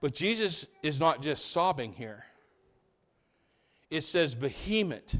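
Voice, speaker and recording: A man preaching a sermon to his church, swinging between loud emphatic lines and hushed low passages, often asking the congregation rhetorical questions. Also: big pitch swings, slow. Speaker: pastor.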